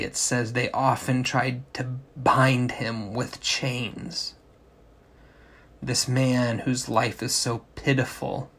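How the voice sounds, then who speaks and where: A man's voice: medium pitch, a bit bright. A man preaching a sermon, explaining a scripture passage and asking rhetorical questions. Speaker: pastor.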